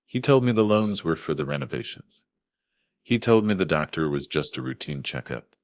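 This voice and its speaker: A man's voice: extremely low pitch, sing-song, normal speed, no echo, clean studio sound, heavily acted. A man voicing a grown daughter in a dramatized story, pleading and anxious. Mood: tearful. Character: young adult woman, the narrator's daughter.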